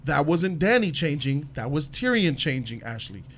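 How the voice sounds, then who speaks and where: A man hosting a casual panel talk show about a TV episode, talking in an emphatic, animated way. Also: fairly high pitch, moderate pace, a little hiss or hum. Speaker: show host.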